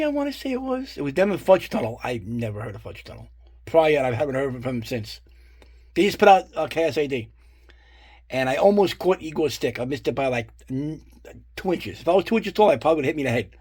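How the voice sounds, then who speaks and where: Showing off his collection of guitar picks, a middle-aged collector tells casual, rambling stories full of profanity, fillers and asides. He speaks a little fast in a fairly high voice with big pitch swings, a slightly mellow quality and some roughness.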